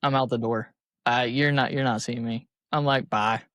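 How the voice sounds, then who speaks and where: A man's voice: mid-range voice, fairly even intonation, moderate pace, fairly bright tone, dry recording. A young adult man, a guest on a podcast, talking frankly and casually, with loose swearing. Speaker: guest co-host.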